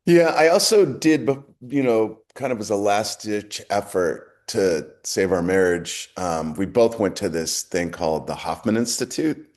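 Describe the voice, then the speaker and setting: Reflective middle-aged man, low voice. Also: measured pace, few pauses, a little mellow. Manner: earnest, reflective storyteller. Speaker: podcast guest. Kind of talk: casual interview talk.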